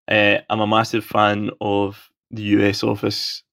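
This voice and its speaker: A man's voice: fairly low pitch, monotone, unhurried, gravelly, a bit bright. A Scottish man from Scotland leaving an enthusiastic, rambling call-in question for a podcast. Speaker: caller. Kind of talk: recorded voicemail question.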